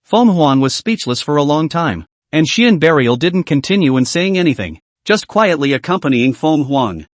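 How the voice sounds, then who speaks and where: A man narrating a fantasy comic recap in a dramatic, steady storytelling manner. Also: on the high side, moderate pace, few pauses, no echo. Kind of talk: scripted narration.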